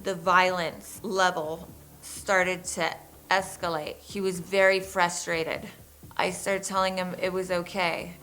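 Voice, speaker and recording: A woman recounting her own ordeal in measured, halting first-person testimony, with pauses and restarts. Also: on the low side, pushed and bright, a little hiss or hum, poor audio.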